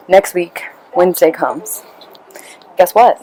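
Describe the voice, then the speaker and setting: A woman's voice: fairly low pitch, measured pace, a little mellow, a little hiss or hum, rough recording. A woman hosting a podcast, telling a story in a rambling, casual way and acting out the people in it. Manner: rambling, acts out quoted voices. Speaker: podcast host.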